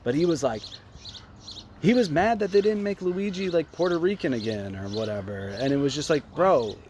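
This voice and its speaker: A man's voice: a little high, animated, brisk, darkish tone, a little hiss or hum. A young man co-hosting a podcast, chatting casually and retelling stories with lots of fillers. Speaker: podcast co-host. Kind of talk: casual chat.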